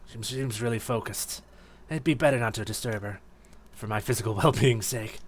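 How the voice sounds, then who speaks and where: A man's voice: on the low side, moderate pace, slight background noise, close to an everyday voice. A man voicing a young male ghost creature from a game, hesitant and polite, close to his own voice. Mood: musing. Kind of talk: voicing game dialogue on stream.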